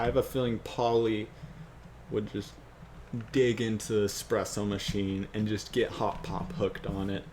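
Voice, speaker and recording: A man's voice: medium pitch, creaky, darkish tone, slight background noise. A man rambling and joking to himself as he thinks aloud, working out a fan script. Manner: rambling, self-joking, trailing off.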